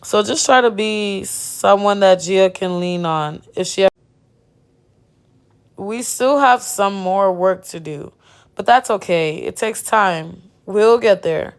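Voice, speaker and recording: A woman reading the lines of a calm counselor who speaks in a gentle, encouraging way. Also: mid-range voice, slow, smooth. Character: calm counselor leading a family session.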